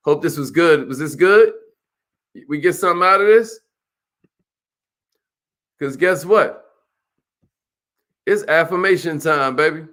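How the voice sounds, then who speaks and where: A man gives a fired-up motivational talk, hammering home each question over and over. His voice sits high and rings bright and forceful. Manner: emphatic, repetitive, hyped, calls listeners millionaires. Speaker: motivational speaker.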